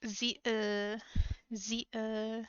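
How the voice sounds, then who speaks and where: A woman's voice: fairly high pitch, flat delivery, drawn-out words, clear, resonant tone, dry recording, highs cut off. A woman streaming live, chatting casually with viewers, hesitant and giggly with many trailing ums.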